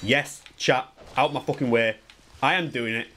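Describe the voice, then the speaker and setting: A young man giving live, excitable, sweary commentary on his gameplay while he talks to chat. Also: mid-range voice, normal speed, a little hiss or hum. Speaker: speedrunner streamer.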